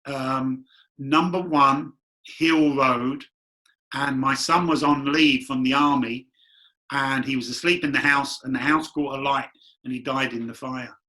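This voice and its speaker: Bright-voiced man telling stories. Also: mid-range voice, fairly even intonation, a little slow. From London. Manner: chatty, rambling anecdotes with acted quotes. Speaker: guest medium. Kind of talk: candid storytelling interview.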